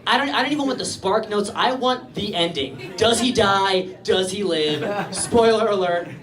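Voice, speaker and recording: Rambling young male stand-up comic, lively. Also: sits high, normal speed. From England. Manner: rambling, self-deprecating, goes off on tangents. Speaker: stand-up comedian. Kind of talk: stand-up comedy set. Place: comedy club stage with a live audience. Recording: distant live stand-up recording with audience laughter.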